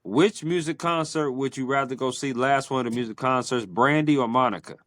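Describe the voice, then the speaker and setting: A man's voice: mid-range voice, a bit bright, no echo. Playful male podcast host, dry sound. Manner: playful, teasing, drawn-out questions. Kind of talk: casual interview chat.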